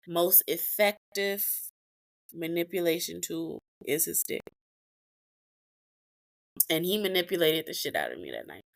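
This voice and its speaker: A woman's voice: on the low side, fairly bright tone. A woman hosting a podcast, telling a personal story in a blunt, profane, emotional way with emphatic repetitions. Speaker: podcast host.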